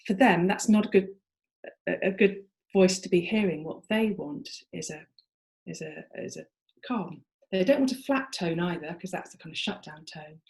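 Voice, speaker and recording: Speaking at a moderate pace in a lowish, somewhat mellow voice, a female therapist walks fellow practitioners through treatment techniques. The talk is informal and conversational, with her points developing as she goes.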